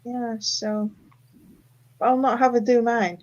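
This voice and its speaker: A middle-aged woman chatting casually, unhurried and trailing off with fillers. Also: fairly high pitch, little pitch movement, a little mellow. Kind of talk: casual chat. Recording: dull, muffled sound.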